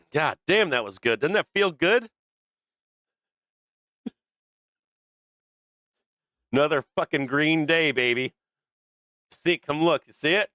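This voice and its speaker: A man's voice: a little high, expressive, takes it slowly, long pauses, pushed and bright, no echo. A man hosting a live stock market stream, calling trades in a brash, profane, laughing way. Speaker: stock market livestream host. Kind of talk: profane live trading commentary.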